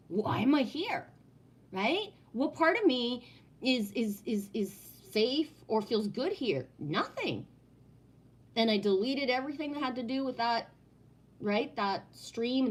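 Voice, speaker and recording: A woman talking casually on a home live stream, answering chat in a blunt, profane way and often asking "right?". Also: fairly high pitch. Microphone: no headset, sound heard in the room.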